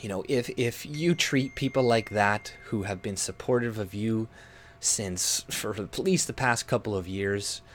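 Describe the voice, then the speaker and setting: A man's voice: lowish voice, unhurried, slight background noise. A man from Canada ranting to camera as a YouTube commentator, swearing often and mocking others in put-on voices.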